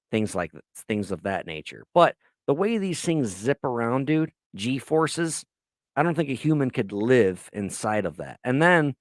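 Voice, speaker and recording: A man's voice: mid-range voice, no room sound. Profane, rambling podcast guy, dry sound. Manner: profane, rambling, excitable storytelling. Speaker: podcast host. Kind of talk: casual chat. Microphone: laptop recording.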